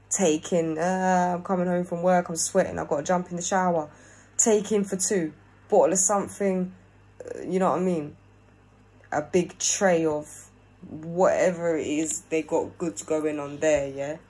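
A woman with a notably low voice talks through a casual spirit reading, relaying a spirit's opinions aloud. She speaks in a loose, conversational way, repeating phrases and checking in with "yeah?" as she goes. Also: a little mellow, low-quality recording. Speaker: spiritual medium channeling a spirit.

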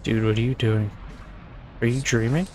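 Sarcastic, swearing gaming host. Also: male voice, mid-range voice, steady tone, moderate pace, darkish tone, a little hiss or hum. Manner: profane, joking, sarcastic. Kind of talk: casual gameplay commentary.

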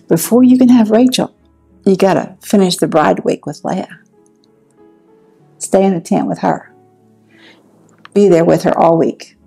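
A crafty older father-in-law, played by a woman, wheedling and shrugging things off in a husky voice. The delivery is slow and unhurried. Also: mid-range voice, warm tone.

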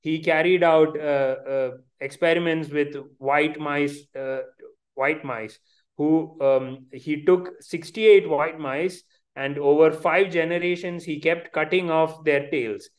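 An Indian-accented man lectures on science over a video call. His voice sits a little high for a man. He pauses often with fillers and restarts his phrases as he explains. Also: steady tone. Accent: Indian English. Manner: hesitant, many fillers and restarts.

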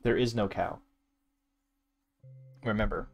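A man streaming a virtual world game, reacting out loud in casual commentary with laughs and exclamations. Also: steady tone, slow pace, gravelly, muffled recording. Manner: laughing, exclaiming, sudden high squeals. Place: at home at a desk.

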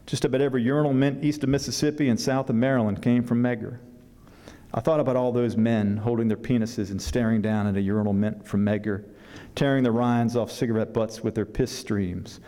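An author at a book fair gives a public reading from his novel in an echoing event hall. His voice is mellow and medium-pitched, steady while he reads but halting and full of fillers when he speaks freely.

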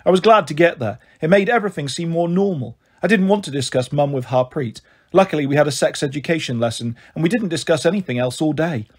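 A man reading a children's novel aloud in a calm, steady storytelling voice. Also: on the high side, fast talker, husky. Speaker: audiobook reader. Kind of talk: storybook narration.

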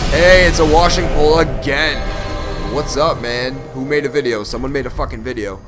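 A man giving casual, profane gameplay commentary, joking and breaking into excited shouts. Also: mid-range voice, normal speed. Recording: loud music behind the voice.

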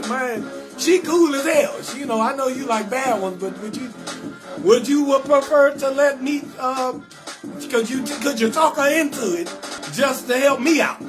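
A man hosting a live comedy call-in show, telling stories loudly and animatedly, acting out both sides of conversations and cutting in with blunt refusals. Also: very high-pitched, expressive, normal speed, over music. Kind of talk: loud storytelling comedy rant.

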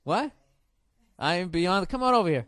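A man hosting a podcast, telling a profane, rambling comedy story with loud, excited outbursts. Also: sits high, normal speed, no echo. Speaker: podcast host. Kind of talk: casual comedic monologue.

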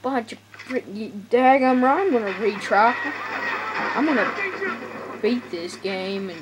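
A woman doing goofy, excitable gaming commentary on a headset, joking and laughing at herself. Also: fairly high pitch, measured pace. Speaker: let's play gamer. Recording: game noise over the voice.

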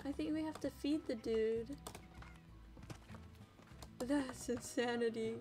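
A woman's voice: a little high, slow pace, pauses often, warm tone. A woman streaming a game, chatting casually and squealing and cooing at the creatures on screen. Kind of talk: casual gameplay commentary. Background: game music.

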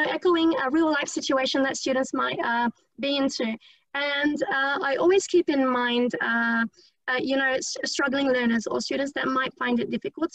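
A woman teacher giving an online training talk, quick and chatty, with many fillers and restarts. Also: high-pitched, vocal fry, a bit bright, no room sound. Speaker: English teacher presenting at a conference. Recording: dry, slightly dull lo-fi audio.

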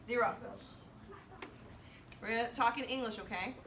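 A fairly high-voiced woman teaches a roomful of students, counting them in and drawing words out slowly as they read together. She sounds distant from the mic, her voice bouncing around a reverberant classroom with steady background noise. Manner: animated, leads choral reading with slow drawn-out words and countdowns. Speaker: French teacher. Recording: echoey classroom from far off.

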